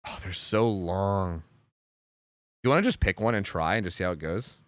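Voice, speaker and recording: A man's voice: low voice, moderate pace, no echo, clean studio sound. A young man streaming and chatting casually, rambling with lots of fillers and casual swearing. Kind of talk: casual chat on a game stream.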